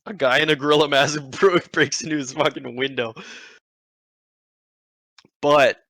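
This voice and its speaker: A man's voice: on the high side, steady tone, measured pace, pushed and bright, dry recording, rough recording. A young man hosting a podcast, telling a story in a rambling, profane way with many restarts. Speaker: podcast host. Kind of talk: casual storytelling.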